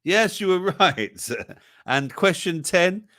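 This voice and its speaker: Slow-talking man hosting a quiz. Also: sits high, expressive, fairly bright tone, dry recording, studio quality. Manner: jokey, reading out viewers' chat answers. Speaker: livestream show host. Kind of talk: hosting a casual song-lyrics quiz.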